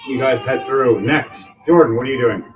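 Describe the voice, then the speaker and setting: A man's voice: mid-range voice, moderate pace, lo-fi sound, noisy background. A man acting as game master, describing scenes step by step and calling on players in turn. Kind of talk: narrating a tabletop game. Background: music.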